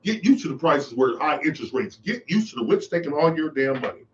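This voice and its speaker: A man's voice: on the high side, big pitch swings, brisk, muffled recording, slight background noise. A man hosting his own podcast, giving an impassioned, preachy monologue and repeating his phrases for emphasis. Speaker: podcast host. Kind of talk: monologue commentary.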